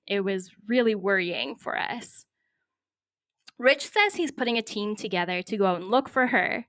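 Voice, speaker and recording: A young woman from Canada telling a lively personal story with wry humor, recorded at her home. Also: medium pitch, clear, resonant tone, dry recording, clean studio sound. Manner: lively, vivid scene-setting with wry humor. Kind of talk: personal story told to a podcast.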